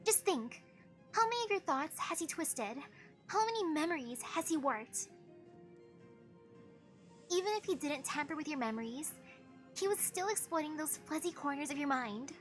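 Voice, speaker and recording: A woman putting on an earnest, gentle young girl with a raised voice. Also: sits high, animated, moderate pace, pauses often, soft background music, pitched above the performer's own voice. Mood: pleading. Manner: pleading, earnest.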